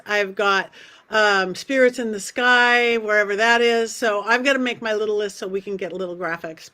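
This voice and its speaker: A chatty woman hosts a relaxed panel show, her voice sitting on the higher side. She talks over a video call, breezy and promotional. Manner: chatty, plugging events and socials. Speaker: host. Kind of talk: casual panel chat.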